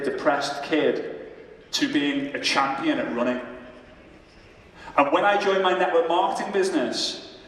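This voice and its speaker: Animated man speaking in an echoey hall. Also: on the high side. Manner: animated storyteller, acts out voices in quotes. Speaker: motivational speaker. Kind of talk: storytelling keynote speech on stage. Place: large congress hall on stage. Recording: echoey hall mic from far off.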